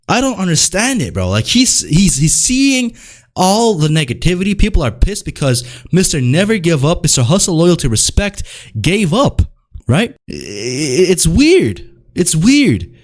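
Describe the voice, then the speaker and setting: A young man hosting his own wrestling commentary, ranting casually with exasperation and lots of slang. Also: a little high. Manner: exasperated, slangy, repeats "bro".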